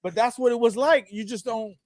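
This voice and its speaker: A man, a sports columnist telling a story in casual chat, animated and laughing as he acts out quotes. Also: very high voice, a little fast, no room sound.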